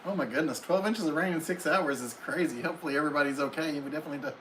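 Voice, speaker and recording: A man's voice: on the high side, very fast, a bit bright, a little hiss or hum, low-quality recording. A man hosting a casual live stream from home, reading viewers' comments aloud and answering each one in a friendly, chatty way.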